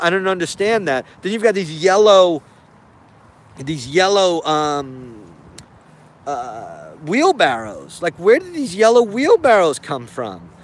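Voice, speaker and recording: A man giving casual spoken commentary on video footage, hesitant and puzzled, often repeating himself. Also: sits high.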